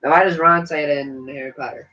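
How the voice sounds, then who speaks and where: A man's voice: fairly high pitch, steady tone, fast, bright, forceful tone. Young man with dry, brief remarks. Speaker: co-host, son. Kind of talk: casual chat. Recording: dull lo-fi recording.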